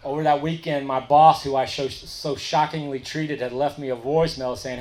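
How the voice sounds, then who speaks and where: A man's voice: mid-range voice, steady tone, moderate pace, hardly any pauses, darkish tone. A man telling his recovery story at a meeting in a candid, colloquial and emphatic way.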